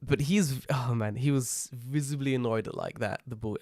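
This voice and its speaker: A young man, co-hosting a casual podcast, telling animated stories and swearing freely. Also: mid-range voice, moderate pace, dry recording, clean studio sound. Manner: lively storyteller, swears freely, impersonates friends. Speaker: podcast co-host.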